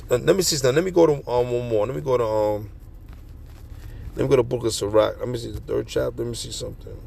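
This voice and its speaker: A street preacher with a fast, creaky, darkish mid-range voice, with a little hiss or hum audible, reads scripture verse by verse. After each verse he riffs on it in slangy, profane street talk.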